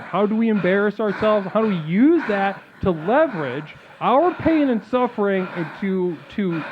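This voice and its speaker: Lively man hosting a spoof call-in show. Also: sits high, normal speed, few pauses, slight background noise. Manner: mock-serene guru talk, abrupt crude outbursts. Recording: phone-like lo-fi sound with faint music.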